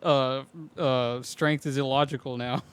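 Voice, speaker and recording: A man's voice: mid-range voice, flat delivery, a little slow, clean tone. Laid-back man chatting about movies. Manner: laid-back, laughing, swearing. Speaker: podcast co-host. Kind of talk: casual movie chat.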